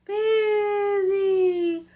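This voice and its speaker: A woman's voice: very high-pitched, fairly even intonation, very slow, voice pushed up, full character voice. A woman voicing the stormy night wind in a scary storybook, howling its chant. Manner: loud rising howl.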